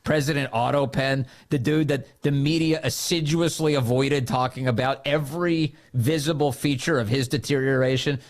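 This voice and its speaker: A man hosting a political talk podcast, speaking in a sarcastic, mocking way. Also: on the high side. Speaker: podcast and radio host. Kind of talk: political commentary.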